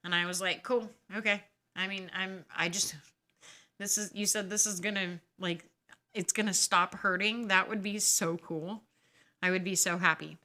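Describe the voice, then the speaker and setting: A woman's voice: medium pitch, steady tone, moderate pace, pushed and bright. A woman podcast host telling a personal story in a casual, indignant and sarcastic way.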